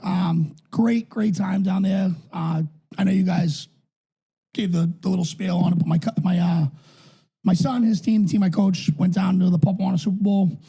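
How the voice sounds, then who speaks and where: Male co-host, 30s, from New England; husky, gravelly, rambling and profane. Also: fairly even intonation, moderate pace, warm tone. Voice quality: voice higher than his build suggests. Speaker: podcast co-host and youth football coach. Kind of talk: casual podcast chat.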